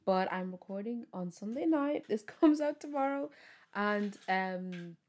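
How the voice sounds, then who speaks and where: A woman's voice: medium pitch, animated, unhurried, a little mellow. Tired, chatty young woman. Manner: chatty, upbeat, lots of fillers. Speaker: podcast host. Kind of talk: casual solo podcast chat.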